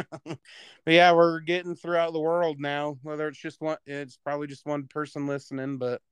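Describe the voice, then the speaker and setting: Podcast co-host, a man with a smooth, slightly high voice, animated and chatty, laughing mid-story. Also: normal speed, dry recording. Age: adult parent. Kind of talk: casual podcast chat.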